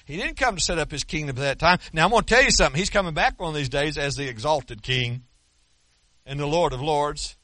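A man preaching a sermon as pastor, emphatic and folksy, slowing down to stress scripture. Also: a little high, sharp tone, no room sound. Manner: folksy, with colloquial asides and repeated words.

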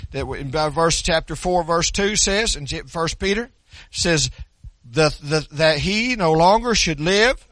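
A man's voice: a little high, fairly bright tone, no echo. An older man preaching a sermon, swinging between folksy stories and emphatic preaching. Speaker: pastor.

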